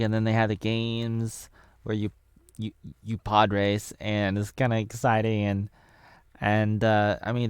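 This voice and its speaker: A man's voice: lowish voice, clean tone, dry recording, studio quality. A man in his thirties giving a casual, rambling spoken movie review in a loose, offhand way.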